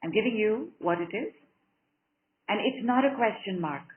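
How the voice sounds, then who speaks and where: A woman leads a group session over a call, warm in her encouragement and fond of repeating a line over and over. Her voice comes through thin and phone-like, and it sits at an ordinary pitch for a woman. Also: lively intonation, normal speed. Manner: encouraging, affectionate, repeats phrases rhythmically. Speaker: spiritual coach leading a group call. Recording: narrow phone-like call audio.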